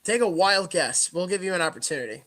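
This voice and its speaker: A man's voice: sits high, quick pace. A middle-aged man, co-hosting a podcast and telling a story with lots of laughter. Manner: animated, laughing storyteller who acts out shouted quotes. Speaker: podcast co-host. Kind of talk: casual storytelling chat.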